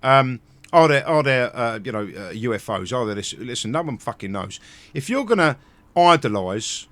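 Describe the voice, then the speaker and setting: A man's voice: medium pitch, sing-song, moderate pace, a bit bright, no room sound. A man with a British accent hosting a live stream, ranting angrily and swearing constantly. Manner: angry, profane ranting. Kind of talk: livestream rant.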